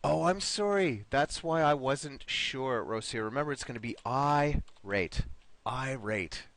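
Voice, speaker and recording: A male teacher leads an online vocabulary lesson, speaking slowly and patiently while he coaxes answers from students. His pitch moves a lot as he repeats and praises each answer. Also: lively intonation, fairly bright tone, no room sound.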